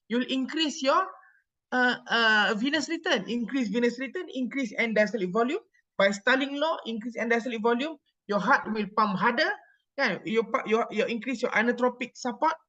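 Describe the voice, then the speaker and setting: Woman, Malaysian English accent, medical lecturer, fairly high voice, repeats herself, dull lo-fi sound. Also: a bit bright. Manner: code-switching, repeats phrases, checks understanding.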